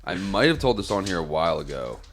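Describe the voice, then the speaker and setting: Very deep-voiced, profane podcast guy. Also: big pitch swings, fast, slight background noise. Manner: profane, joking, trails off into mumbles. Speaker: podcast co-host. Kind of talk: casual chat.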